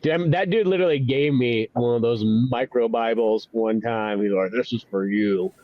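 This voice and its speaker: A man's voice: medium pitch, moderate pace, dry recording. A man hosting a podcast in casual, profane, laid-back chat, in a dull, dry recording. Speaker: podcast host.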